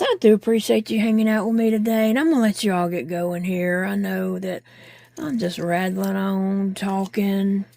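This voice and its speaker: A woman's voice: medium pitch, creaky, mellow, dry recording. A woman vlogging while crafting, chatting candidly and rambling with fillers, sounding tired and short of breath. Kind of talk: casual chat while crafting.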